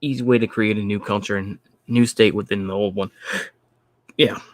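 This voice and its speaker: A man's voice: lowish voice, steady tone, moderate pace, no room sound. A man hosting a stream, ranting bluntly and profanely in commentary, repeating his points. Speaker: stream host.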